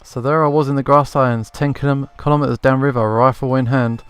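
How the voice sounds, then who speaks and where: A man's voice: medium pitch, steady tone, a little fast, a bit bright, clean tone, no room sound, soft background music, natural voice. A man voicing a boastful, self-assured male hunter telling a story in a video game.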